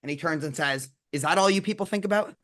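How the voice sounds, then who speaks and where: Bright-voiced male rabbi host. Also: a little high, fast. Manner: chatty, peppers speech with "you know". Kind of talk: casual conversation, telling jokes.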